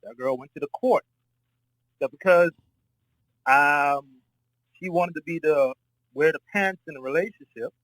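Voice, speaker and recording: Caller: man from Florida, blunt, profane raconteur, slightly high voice. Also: unhurried, long pauses, fairly bright tone, no echo, rough recording. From Florida, United States. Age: adult, married. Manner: profane, rambling storyteller. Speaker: debate caller. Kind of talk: casual spoken debate.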